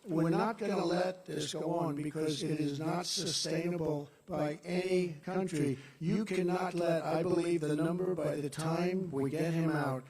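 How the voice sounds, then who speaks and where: The voice belongs to an older man, a little high, with fairly even intonation; he speaks unhurriedly with hardly any pauses. At a victory rally in a large venue he gives a rambling speech full of boasts, repetition and off-the-cuff remarks. Picked up by a distant mic, the sound is roomy and a loud crowd cheers throughout.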